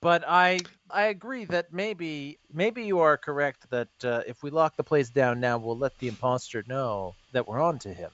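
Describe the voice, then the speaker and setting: A man's voice: fairly high pitch, expressive, moderate pace, hardly any pauses, a bit bright. A man playing a pompous, stingy factory boss. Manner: pompous and bossy. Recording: dry, dull lo-fi sound.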